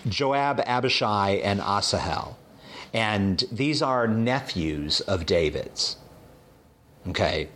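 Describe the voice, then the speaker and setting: A man with a lowish voice talks through a scripture passage in a relaxed study conversation. He narrates in an animated way, stopping often with ums and repeated words. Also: slight background noise. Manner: animated retelling with hesitant fillers. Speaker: Bible teacher.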